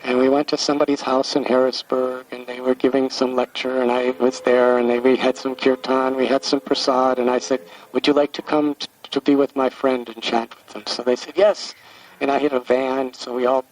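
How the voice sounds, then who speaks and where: A man in his sixties from the United States, a spiritual teacher telling a devotional story in a gentle, halting way, often repeating words as he recalls. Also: mid-range voice, flat delivery. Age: 60s. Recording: distant mic with faint background hiss.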